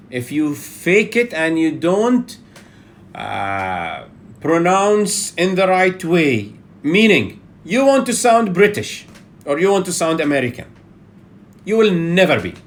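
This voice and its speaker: A man from Bahrain with a Bahraini accent, teaching public speaking in a lecture and checking in with listeners by often saying "yeah". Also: fairly high pitch. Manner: animated, repeats "yeah" as a check-in, with frequent fillers.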